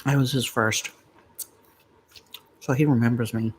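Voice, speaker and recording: A woman's voice: very deep voice, fairly even intonation, a little slow, slight background noise. A middle-aged woman vlogging from her home, chatting to viewers with rambling, confiding asides and stories. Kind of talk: chatty live vlog talking to viewers.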